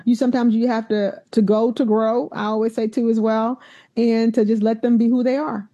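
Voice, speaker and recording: A middle-aged woman, a university president, telling stories in an animated, emphatic way in a conversational interview. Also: a little high, moderate pace. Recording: dull lo-fi sound.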